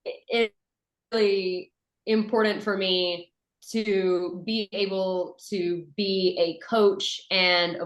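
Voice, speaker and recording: A woman from Western North Carolina with a softened Southern accent, a voice actress and dialect coach chatting in an interview with lots of fillers and restarts. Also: on the low side, reverberant, rough recording. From Western North Carolina, USA. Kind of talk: conversational interview.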